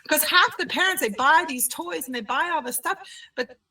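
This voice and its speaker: A woman who owns a childcare center, telling her story in an animated conversational way in an interview. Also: high voice, brisk, recorded from a distance, rough recording. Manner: animated, acts out quoted voices.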